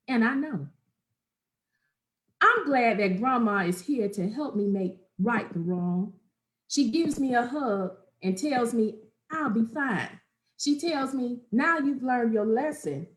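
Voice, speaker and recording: A woman reading a children's picture book aloud with expressive storytelling, then chatting with her co-hosts. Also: on the high side, roomy sound. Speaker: reader and host.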